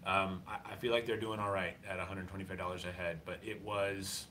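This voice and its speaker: Man, bright tone, joking storyteller, faint background noise. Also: sits low, little pitch movement, a little fast. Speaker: podcast co-host. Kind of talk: casual chat with live viewers.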